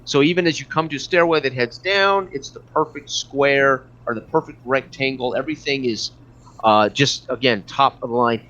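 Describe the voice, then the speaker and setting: Hesitant game master narrating. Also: male voice, medium pitch, normal speed, bright, forceful tone. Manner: hesitant, many fillers and restarts. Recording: dull lo-fi recording.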